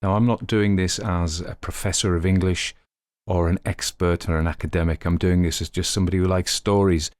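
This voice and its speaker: A man's voice: deep voice, steady tone, fairly quick, a little mellow, no echo, clean studio sound. A man who reads stories aloud and hosts a podcast, chatting casually with rambling asides and self-corrections. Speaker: audiobook reader and podcast host. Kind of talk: story narration and casual commentary.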